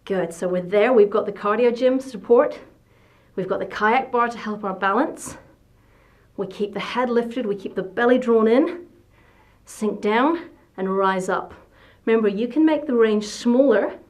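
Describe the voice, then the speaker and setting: A woman leading a workout as fitness instructor, giving short encouraging coaching cues. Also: medium pitch.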